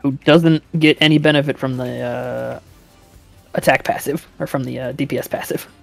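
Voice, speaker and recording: A man's voice: mid-range voice, fairly even intonation, moderate pace, vocal fry, faint music behind. A man chatting casually about a match in a team shooter game, swearing now and then. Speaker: gamer. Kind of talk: casual gaming chat.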